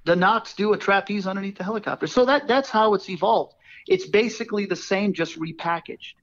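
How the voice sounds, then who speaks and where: A man who owns a circus act, telling casual anecdotes and quickly acting out what people said. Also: high-pitched, lo-fi sound. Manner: animated anecdotes, quoting people in quick voices. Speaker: circus performer, owner of the act. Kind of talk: casual storytelling.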